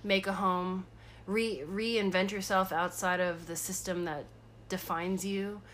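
A woman's voice: mid-range voice, level tone, measured pace, fairly bright tone, slight background noise. A woman co-hosting a podcast in casual chat, speaking in a supportive, earnest, reflective way. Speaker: podcast co-host.

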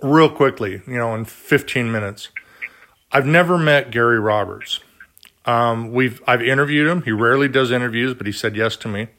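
A man's voice: medium pitch, moderate pace, a bit bright. A man hosting an interview, who talks in a rambling, chatty way with many fillers and restarts. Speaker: interview host. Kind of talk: casual interview talk.

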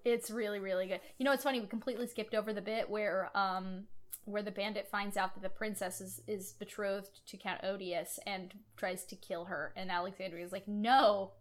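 A woman's voice: medium pitch, a little fast. A woman co-hosting a casual chat, recapping a film scene by scene and acting out the characters' lines with feeling. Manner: expressive, acts out quoted lines. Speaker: podcast co-host.

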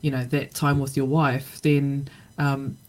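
A woman's voice: extremely low pitch, little pitch movement, a little slow, darkish tone, poor audio. A middle-aged woman talking reflectively in a casual podcast conversation, with many fillers and restarts. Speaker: podcast guest.

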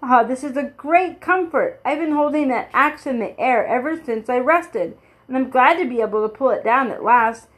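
A sorrowful, very polite man made of tin, read by a woman in her own fairly high voice. He speaks slowly and earnestly, with grateful courtesy. The telling is plain storybook reading. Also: close to an everyday voice, poor audio.

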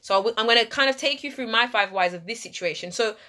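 A woman's voice: on the high side, quick pace, bright, forceful tone. A woman chatting casually on a podcast, telling a personal story with animation and acting out her own inner voice and other people's remarks.

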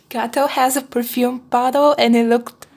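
A woman's voice: sits high, vocal fry, a little mellow, slightly rough. A woman chattily narrating the plot of a film as she watches it. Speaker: co-host film reviewer. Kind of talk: casual commentary while watching a film.

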